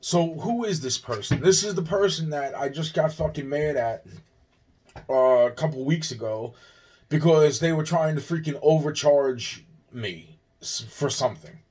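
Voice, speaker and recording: A man's voice: on the high side, a little slow, a little mellow, slightly rough. Agitated, cursing man from Long Island. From Long Island, New York. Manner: agitated, profane, repeats himself, restarts. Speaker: vlogger. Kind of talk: rambling personal monologue.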